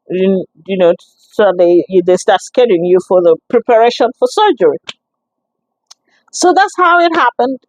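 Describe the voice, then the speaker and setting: Expressive woman telling her story. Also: on the high side, dry recording, poor audio. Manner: animated and expressive, many restarts, acts out quoted exchanges. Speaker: guest sharing a testimony. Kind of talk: personal testimony, storytelling.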